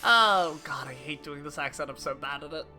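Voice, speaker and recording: A woman's voice: low voice, expressive, normal speed, bright, forceful tone, soft background music. A woman streamer chatting casually with her viewers while playing a game, chatty and self-deprecating. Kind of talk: casual livestream chat while gaming.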